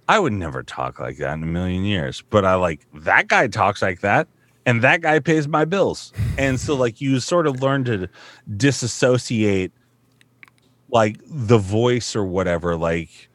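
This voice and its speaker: Low-voiced man, rambling and profane. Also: lively intonation, measured pace, fairly bright tone, no room sound. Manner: rambling, profane, self-mocking. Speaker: voice actor. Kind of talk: casual podcast chat. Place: home studio.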